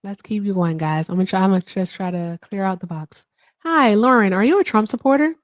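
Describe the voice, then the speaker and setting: A woman's voice: mid-range voice, fairly quick, dry recording. An upbeat woman hosts a livestream and talks casually to her viewers. She keeps tossing in "all right" and swears without a second thought. Her voice is dry and close on a streaming mic. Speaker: livestream host.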